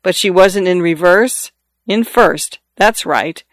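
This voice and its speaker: A man's voice: high voice, slow pace, no echo, studio quality. A man reading a jovial older man's lines in an audiobook, hearty and joking as he tells family stories.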